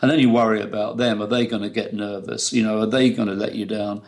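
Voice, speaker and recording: A man's voice: lowish voice, fairly even intonation, fast, vocal fry, a little mellow. A middle-aged man from the United Kingdom, a photographer, telling chatty anecdotes in an interview and laughing often. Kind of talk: relaxed anecdotal storytelling.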